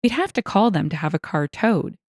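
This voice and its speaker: Lively woman narrating stories. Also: lowish voice, a little fast, no room sound, studio quality. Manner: lively, expressive reading with wry asides. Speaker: storyteller reading online stories. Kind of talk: scripted narration.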